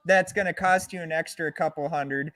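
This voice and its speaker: A man's voice: a little high, fairly even intonation, moderate pace, pushed and bright, dry recording. A man in a casual chat who rants and swears heavily. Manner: heavy swearing, ranting.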